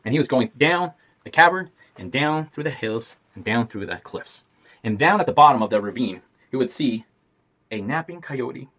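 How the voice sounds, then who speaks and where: A man's voice: medium pitch, expressive, moderate pace, fairly bright tone. A man telling a playful, folksy story aloud and voicing its characters. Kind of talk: animated storytelling.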